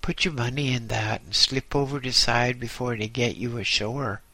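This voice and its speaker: A man's voice: medium pitch, fairly even intonation, normal speed, bright, forceful tone, no room sound. A man voicing a nervous but kindly ship's stoker who speaks broken English in a confiding tone.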